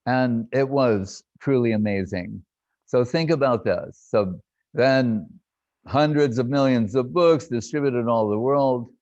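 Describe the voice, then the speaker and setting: An older man reminiscing in a lively storytelling talk, laughing and acting out what others said. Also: mid-range voice, measured pace, no room sound. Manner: animated, laughing, acts out quotes. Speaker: devotee recounting memories. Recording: dull lo-fi dry sound.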